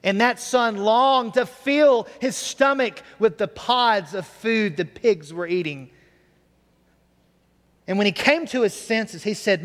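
Brief: earnest male preacher, fairly high voice, storytelling sermon. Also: expressive, measured pace, a bit bright, big-room sound.

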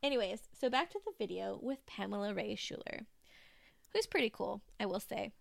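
A woman's voice: mid-range voice, expressive, moderate pace, vocal fry, no echo. A woman co-hosting a podcast in casual chat, teasing and chatty, laughing often. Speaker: podcast co-host.

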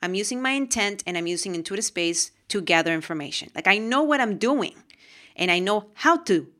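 A woman from Peru talking to camera about her own experiences, with animated, emotional storytelling. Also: medium pitch, fairly quick. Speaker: host. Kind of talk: casual monologue to camera.

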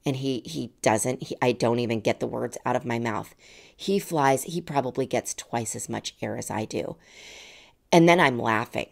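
A woman in her forties tells a personal story as a podcast host, in a casual and animated way. Her voice sits very low and has a gravelly fry. She laughs easily and acts out the lines of the people in her story.

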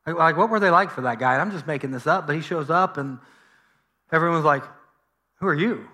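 A middle-aged man delivers a sermon in a casual, talky style. His voice is bright and sits slightly high for a man. He leans on "like" and restarts his sentences often. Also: brisk. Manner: conversational, with frequent "like" and restarts. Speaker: pastor.

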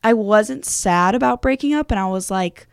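A woman's voice: mid-range voice, normal speed, vocal fry, clean tone, dry recording, studio quality. Playful, chatty young woman co-host. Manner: playful, chatty, uses many fillers. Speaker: podcast co-host. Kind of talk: casual chat.

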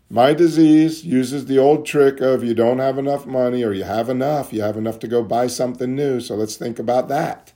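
A man candidly sharing at a recovery meeting, questioning himself aloud and dropping soft and low when he voices his inner thoughts. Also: steady tone, moderate pace, few pauses. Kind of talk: candid personal talk.

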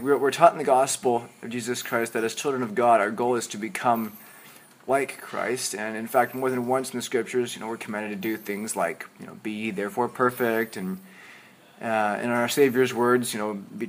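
A man's voice: medium pitch, steady tone, moderate pace. A man hosting a faith-themed podcast, asking questions in a friendly, searching way. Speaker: podcast host.

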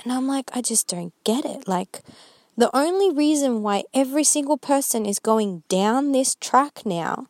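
A woman's voice: high voice, expressive, measured pace, darkish tone, dry recording. A woman vlogger talking earnestly and rambling a little as she shares a Christian reflection, with many fillers. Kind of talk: casual faith reflection.

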